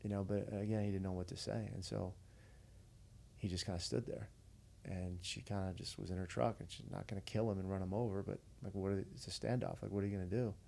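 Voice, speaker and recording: Low gravelly man telling a story. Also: little pitch movement, fast, warm tone, slight background noise. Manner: earnest, conversational, retells dialogue. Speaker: podcast guest, veteran. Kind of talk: casual storytelling.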